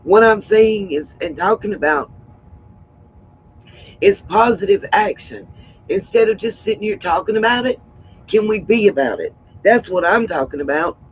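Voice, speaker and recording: A woman hosting a livestream, hoarse and frustrated, who keeps repeating her points with emphasis. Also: mid-range voice, expressive, moderate pace, slight background noise, low-quality recording. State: hoarse from hollering. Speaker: livestream host. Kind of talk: casual livestream talk.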